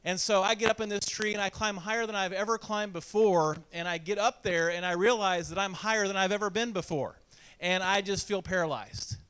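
Man from indiana, preacher, high clear voice, self-deprecating storytelling. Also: brisk, a bit bright. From Indiana, USA. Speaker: pastor. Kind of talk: sermon with personal story.

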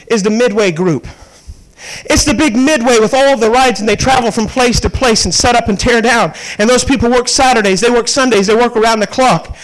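Man, 30s, evangelist preacher, very high voice, storytelling sermon. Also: rough recording. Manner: storytelling, rising to fervent preaching. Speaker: traveling evangelist.

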